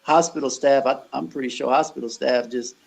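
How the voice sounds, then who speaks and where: Gravelly earnest man. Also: medium pitch, fairly even intonation, poor audio. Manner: halting, earnest, many restarts. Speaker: gym owner and personal trainer. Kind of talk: conversational interview.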